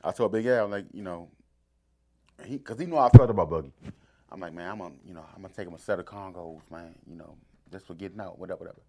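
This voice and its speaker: A man's voice: low voice, fast talker. A man with a D.C. telling a long story in casual talk, acting out the voices of the people in it. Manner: animated, acts out voices in his stories.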